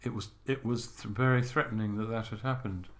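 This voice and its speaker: An older man co-hosting a podcast, reminiscing in a relaxed, halting way with gentle humour. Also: on the low side. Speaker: podcast co-host. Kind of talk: reflective casual chat.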